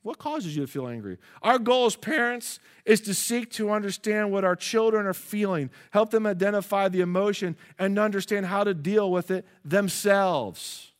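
A man with a somewhat high voice delivers a sermon as a pastor. He drops into quiet, low asides, then rises to loud, emphatic declarations, and he calls out questions for the congregation to answer. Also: normal speed, few pauses.

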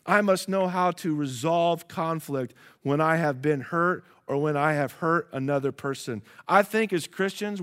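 A male pastor giving a sermon, moving between quiet low asides and loud emphatic preaching, and calling out questions to the congregation. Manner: calls out rhetorical questions to the congregation.

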